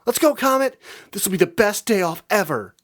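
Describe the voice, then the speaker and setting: Bubbly, hyper young female bat pony, put on by a male narrator; high, loud, squealing storybook voice. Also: unhurried, husky, full character voice. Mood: excited. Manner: squealing, excitable, rambling.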